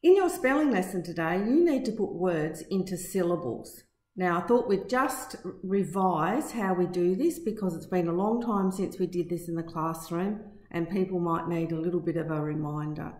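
A middle-aged woman teacher giving a recorded spelling lesson to her pupils, slow and deliberate, stretching words out to show their syllables. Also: on the low side, expressive, a little mellow. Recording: echoey room.

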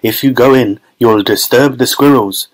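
A man voicing an eccentric, brisk male chocolate maker who talks quickly and with gleeful rudeness in an audiobook. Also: medium pitch, close to an everyday voice, rough recording. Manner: quick, bossy, gleefully rude.

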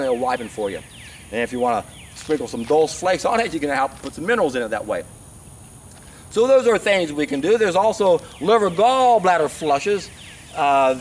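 A man's voice: a little high, distant mic, slight background noise. A man in his sixties speaking in a passionate, rambling vlog monologue with frequent fillers. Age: 60s. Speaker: natural health advocate.

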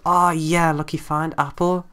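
Young male let's-play host, bright and excitable, faint hiss. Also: on the high side, a little slow. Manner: excitable, exclaims often, talks to game creatures. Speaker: gameplay commentator. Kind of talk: casual let's-play commentary. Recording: faint background hiss and typing clicks.

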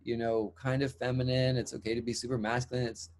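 A man's voice: medium pitch, flat delivery, fast talker, a little mellow. A man from Canada, a drag clown performer, telling his own story in an interview in an earnest, reflective way with emphatic repeated phrasing. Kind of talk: candid personal storytelling.

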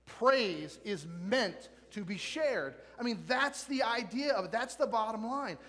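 A male pastor preaching a sermon in a lively way, asking the congregation questions and joking with them. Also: sits high, unhurried. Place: church sanctuary. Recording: long church reverb.

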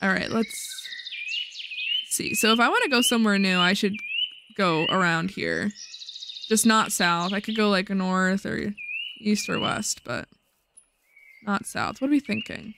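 A woman's voice: medium pitch, measured pace, creaky, long pauses, background noise. A woman hosting a casual let's-play video, chatting playfully to herself as she plays. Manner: playful, chatty, talks to herself while playing. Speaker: gaming video host.

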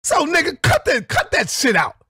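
A middle-aged man delivering an angry, profane call-out rant as a vlogger, confrontational and bursting into shouts. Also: extremely high pitch, huge pitch swings, moderate pace, noisy background.

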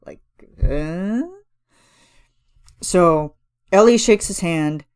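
A woman's voice: low voice, slow, a little mellow. A woman hosting a casual solo podcast, chatting enthusiastically with lots of fillers and now and then singing lines of lyrics. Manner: chatty, gushing, filler-heavy, sings snippets of lyrics. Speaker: podcast host reviewing a cover song. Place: home room.

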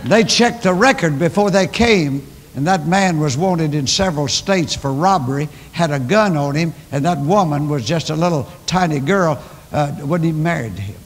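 Older man, pastor, high-pitched, emphatic sermon, echoing hall. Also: expressive, moderate pace. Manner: emphatic preaching, storytelling with repetition. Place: large church. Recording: long church hall reverb.

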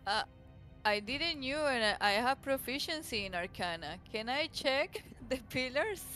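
Higher-voiced woman laughing between lines. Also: lively intonation, measured pace, sharp tone, soft background music. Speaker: player. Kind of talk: casual play over voice chat.

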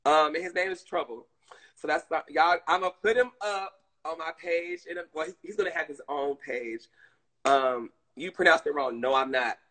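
A man's voice: a little high, moderate pace, bright, forceful tone, rough recording. A man with a Southern US accent chatting casually on a live stream, addressing viewers and reading chat. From Southern United States.

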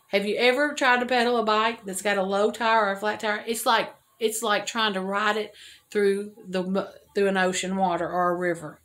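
An older woman talks straight to her viewers in a loose, homey storytelling way. She rambles, loses her thread and laughs at her own jokes. Her voice sits at an ordinary middle pitch. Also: steady tone, moderate pace, fairly bright tone. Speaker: homesteading vlogger.

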